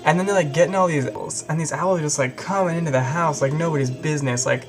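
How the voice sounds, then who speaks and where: Young guy rambling and cursing through a recap, gravelly voice. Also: on the high side, quick pace, music in the background. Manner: rambling, profane, lots of fillers. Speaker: video host. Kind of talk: casual comedic retelling.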